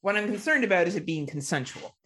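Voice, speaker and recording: Lively, laughing woman podcast host. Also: mid-range voice, fast, breathy edge. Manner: animated, laughing storyteller who swears freely. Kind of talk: casual podcast chat.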